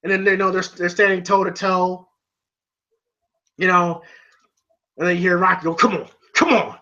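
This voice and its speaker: A man casually recapping a film in a vlog, excitable and profane, with many fillers. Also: high-pitched, moderate pace, muffled recording. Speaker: film reviewer.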